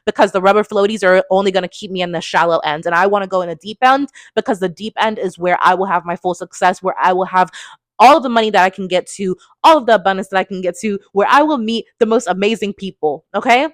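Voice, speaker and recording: A woman in her twenties speaks straight into a phone with fervent, emphatic conviction. She keeps tagging her points with a quick checking question. The sound is dry and close, with her pitch sitting in an ordinary middle range. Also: dry recording. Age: 20s. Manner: emphatic and fervent, tags lines with "okay?". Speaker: motivational speaker. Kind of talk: motivational talk to camera.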